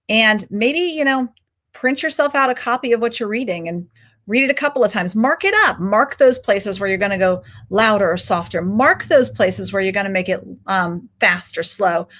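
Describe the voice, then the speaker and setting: A young woman talks through tips on reading aloud as a public speaking tutor. Her pitch rises and falls as she shows off inflection, and she addresses the listener directly. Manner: lively, demonstrates inflection with swings in pitch. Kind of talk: instructional talk to camera.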